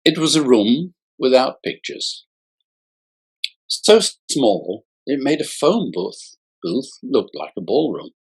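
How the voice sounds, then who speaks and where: A male author reading his own novel aloud in a slow, measured way. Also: medium pitch, big pitch swings, slightly rough.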